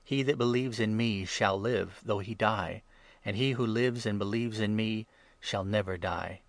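A man voicing Jesus as a calm, grave teacher, speaking in a measured, solemn way. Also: on the low side, dry recording.

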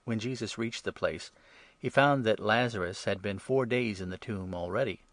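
A man reading scripture aloud in a steady, even narration. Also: fairly low pitch, normal speed, no echo. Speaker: reader.

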